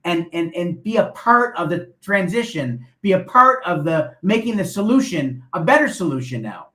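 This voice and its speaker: Earnest man guest, high voice, echoey room. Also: very animated, normal speed, sharp tone. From Buffalo, New York. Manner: earnest, promotional. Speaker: guest, nonprofit founder. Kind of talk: interview talk.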